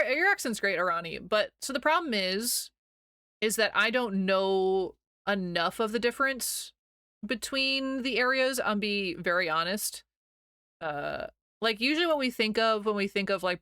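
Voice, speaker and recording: A woman's voice: medium pitch, sharp tone, clear, resonant tone, dry recording, clean studio sound. A young woman from Missouri with a slight Missouri accent, chatting casually with her stream chat, rambling and giggly.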